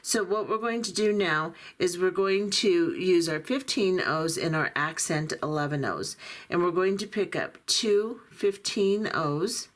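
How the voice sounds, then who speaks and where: A middle-aged or older woman with a slightly low voice hosts a beading tutorial, guiding the viewer step by step. She's patient and practical, her hands busy with the work as she talks.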